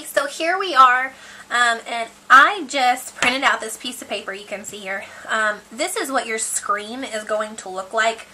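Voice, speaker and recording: A woman's voice: fairly high pitch, sharp tone, a little hiss or hum, poor audio. A woman giving a casual crafting tutorial at home, chatty and full of ums and likes. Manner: chatty, many ums and likes, giggles at herself. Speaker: crafter demonstrating a paper box project.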